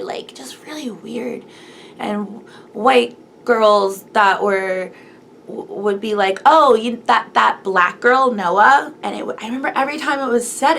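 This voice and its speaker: Young woman vlogger, gravelly voice, teary confessional talk, faint hiss behind. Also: mid-range voice, fairly bright tone. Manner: emotional, tearful, rambling with many likes. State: close to tears. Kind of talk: personal confessional vlog.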